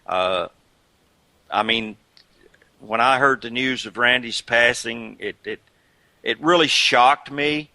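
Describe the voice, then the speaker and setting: An older man telling stories in a casual interview, lively and chatty, and he slips into impressions along the way. His voice is bright and forceful, and it sits close and dry on the mic. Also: mid-range voice, slow pace, pauses often, no room sound. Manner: chatty and animated, breaks into imitations and laughs. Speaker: guest, retired wrestler.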